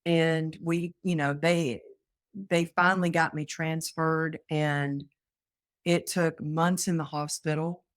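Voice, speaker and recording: Speaking slowly in a low-pitched voice, a Texan woman appears as an interview show guest, animatedly recounting her own story and performing quoted voices. The recording is dry and studio quality.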